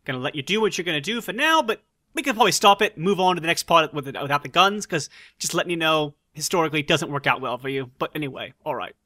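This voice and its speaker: A man's voice: a little high, lively intonation, fast, sharp tone, no room sound. A man playing his character in a tabletop role-playing game, breezy and lightly sarcastic. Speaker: player voicing the Doctor. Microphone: remote recording.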